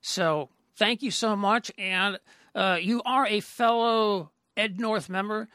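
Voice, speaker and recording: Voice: medium pitch, takes it slowly, pushed and bright, dry recording. A podcast host chatting casually with a guest, stammering through many restarts. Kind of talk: casual interview talk.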